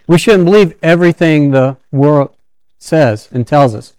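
A man's voice: on the high side, measured pace, darkish tone, smooth, dry recording. A man preaching a sermon in a conversational storytelling way, often restarting his sentences.

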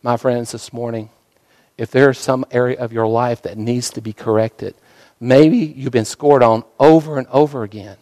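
A male pastor preaching a sermon through a story, dramatic, swinging from fervent bursts to hushed, softer passages. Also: mid-range voice, steady tone, moderate pace, no room sound, low-quality recording.

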